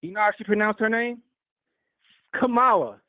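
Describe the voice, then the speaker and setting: A man's voice: mid-range voice, no room sound. A man calling in to a talk show, ranting heatedly and profanely about a debate. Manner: profane, animated, fast-talking. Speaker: caller. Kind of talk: heated call-in rant. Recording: tinny phone line.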